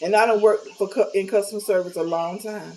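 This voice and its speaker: A woman's voice: mid-range voice, steady tone, brisk, a little mellow, slight background noise, rough recording. A middle-aged woman talking casually to camera, candid and blunt, with a folksy, preachy manner. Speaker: vlogger.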